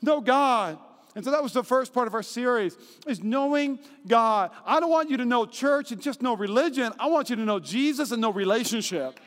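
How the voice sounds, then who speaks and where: A man with a strikingly high voice delivers a lively sermon in a church hall, his words trailing off into a long reverb. He tells stories with animated energy and jumps into acted-out voices for the people in them. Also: normal speed. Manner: animated storytelling, acts out quotes in high voices. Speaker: pastor. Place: church auditorium.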